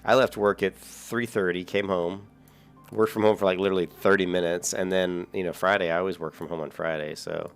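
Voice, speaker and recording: A man's voice: sits low, fairly even intonation, a little fast, clean tone, soft background music. A young adult man streaming a game, chatting casually with viewers, rambling and swearing lightly between chuckles. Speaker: gaming streamer. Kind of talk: casual gameplay chat with viewers.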